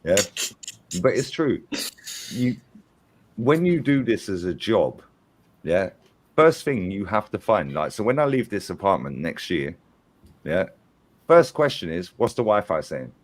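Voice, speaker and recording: A man's voice: on the low side, very animated, a little slow, long pauses. A man hosting a casual fan live stream, telling stories bluntly and swearing often. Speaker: fan channel host.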